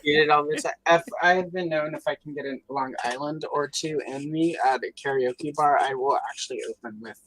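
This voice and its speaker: A woman's voice: deep voice, brisk, hardly any pauses, a bit bright, poor audio. A woman hosting a livestream, talking casually and rambling with many fillers. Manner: rambling, lots of fillers, chatty. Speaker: livestream host.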